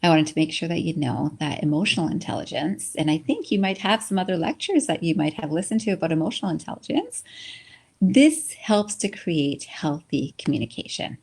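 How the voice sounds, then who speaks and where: A woman's voice: deep voice, expressive, fairly quick, gravelly, darkish tone, slightly rough. A woman giving an encouraging webinar lecture, often checking in with "right?". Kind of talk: conversational lecture.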